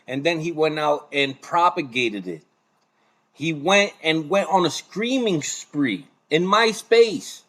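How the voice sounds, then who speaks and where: A man's voice: a little high, fairly bright tone. A man streaming a reaction video, ranting and confronting another streamer in a heated, profane way. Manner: confrontational, profane, calls the other man son.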